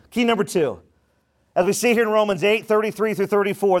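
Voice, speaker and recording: A man preaching a sermon, emphatic and asking the congregation questions, swinging between loud declarations and quiet asides. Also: sits high, lively intonation, brisk. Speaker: pastor.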